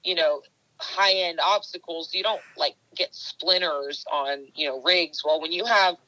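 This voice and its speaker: Bright-voiced woman rambling with fillers. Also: sits low, measured pace, low-quality recording. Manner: rambling, many fillers and restarts. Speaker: obstacle race athlete. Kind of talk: casual interview chat.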